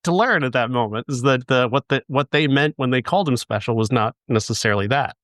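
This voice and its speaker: A man co-hosting a movie review podcast, thinking aloud in a halting way, with many restarts. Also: mid-range voice, a bit bright, no echo, clean studio sound. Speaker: podcast co-host. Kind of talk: casual movie review chat.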